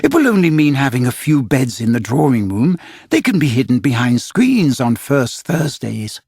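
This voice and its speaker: A man voicing a motherly young girl who coaxes and fusses gently, in a storybook reading. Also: medium pitch, sing-song, moderate pace, breathy edge, dry recording, clean studio sound. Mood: eager. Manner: gentle, coaxing, earnest.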